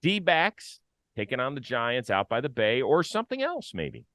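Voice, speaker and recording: A man's voice: medium pitch, big pitch swings, normal speed, a bit bright, dry recording. A man hosting a baseball talk show, playful and stat-heavy in casual chat.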